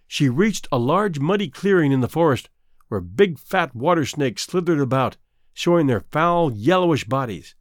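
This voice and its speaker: A man narrating a fairy tale aloud in an expressive, measured storytelling manner. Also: fairly high pitch, no echo, clean studio sound. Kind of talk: storybook reading.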